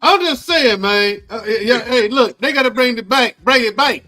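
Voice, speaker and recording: A man on a podcast panel, telling animated stories and laughing as he talks. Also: extremely high pitch, moderate pace, soft background music. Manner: animated storyteller, laughs while talking. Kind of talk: casual panel chat.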